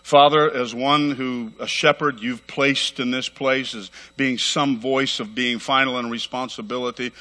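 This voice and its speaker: A middle-aged man preaching a sermon as pastor, fervent and emphatic, talking rapidly and repeating phrases for weight. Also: medium pitch, fairly even intonation, bright, forceful tone. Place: church sanctuary. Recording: long hall reverb.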